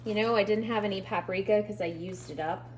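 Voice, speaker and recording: A woman's voice: mid-range voice, a little fast. A tired woman talking in a casual video diary from her home kitchen, rambling and emotional, laughing through sadness. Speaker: vlogger recovering from surgery.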